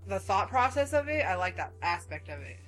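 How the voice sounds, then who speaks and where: A woman in her thirties chats casually and animatedly, dropping "like" into most sentences. Her voice sits at a middling pitch. Soft music plays faintly in the background. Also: a little fast. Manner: chatty and animated, with lots of "like" fillers. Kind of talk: casual chat.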